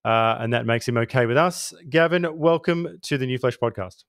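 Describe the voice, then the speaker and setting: A man's voice: mid-range voice, normal speed, clear, resonant tone, dry recording, studio quality. A man hosting a podcast, asking teasing questions in a joking, casual way. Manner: jokey, laughs easily, teasing questions. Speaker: podcast host.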